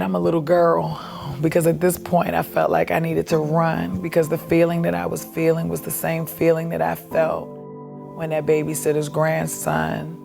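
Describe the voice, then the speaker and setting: A woman candidly recounting her own life in a documentary, halting and reflective, with music behind her. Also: low-pitched, vocal fry. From Baltimore, USA. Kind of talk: personal documentary testimony. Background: background music.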